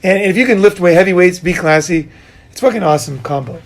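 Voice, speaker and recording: A middle-aged man hosting a casual talk, telling animated stories with laughs and casual swearing. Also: high voice, fast talker, gravelly. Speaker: podcast host. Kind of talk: casual conversation, storytelling.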